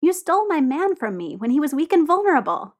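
A woman's voice: high voice, expressive, normal speed, voice pushed up. A woman voicing a brash, mocking young man. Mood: hamming it up. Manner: theatrical, mocking, then snapping. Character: brash teasing young man, hot-tempered.

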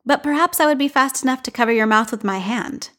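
A woman's voice: high-pitched, quick pace, a bit bright, pitched above the performer's own voice. A woman voicing a good-humored male market stallholder who teases a child. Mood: teasing. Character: amused middle-aged male bead seller.

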